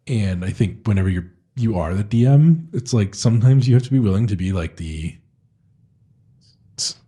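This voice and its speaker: Husky, hesitant man chatting. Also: lowish voice, expressive, normal speed, warm tone. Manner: hesitant, self-deprecating, many restarts. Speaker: podcast co-host and game master. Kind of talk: casual chat.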